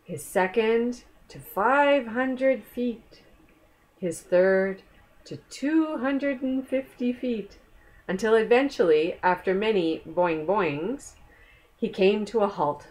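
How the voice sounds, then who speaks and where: A woman reading a picture book aloud to children, gentle and asking the listener questions. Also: mid-range voice, slow. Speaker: storyteller.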